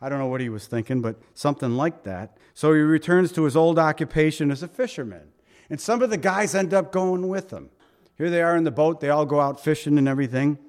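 A man preaching a sermon, telling scripture as vivid scenes with rhetorical questions, dropping soft for tender quoted lines. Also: fairly quick. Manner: voice drops soft and low for quoted tender words.

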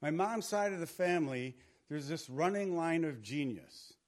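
A man's voice: on the high side, expressive, normal speed. A middle-aged male pastor preaching a sermon in a conversational way, repeating words for emphasis.

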